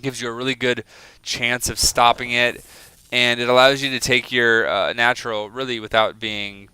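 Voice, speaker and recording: Bright, crisp-voiced chatty male caster. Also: medium pitch, fairly even intonation, moderate pace, dry recording, low-quality recording. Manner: chatty, rambling, self-deprecating, jokey. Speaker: game caster. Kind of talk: casual play-by-play game commentary.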